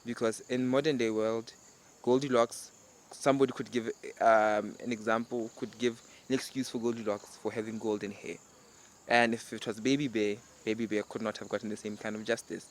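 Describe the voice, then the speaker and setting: A man hosting a daily show, telling a fairy tale casually and then reflecting on it, rambling and correcting himself. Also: mid-range voice. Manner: relaxed, rambling, self-correcting. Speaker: host.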